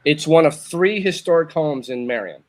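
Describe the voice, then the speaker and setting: On the high side and animated, this man talks at normal speed: a Northern Virginia show host in his fifties sharing a long personal story in casual chat. He wanders, repeats, and often starts his sentences over.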